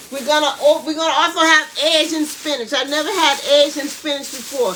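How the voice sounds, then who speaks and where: A woman's voice: sits high, sharp tone, a little hiss or hum. A woman hosting her own home cooking live stream, chatting casually and often checking in with "okay?". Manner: chatty, tags lines with "okay?". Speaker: home cooking show host.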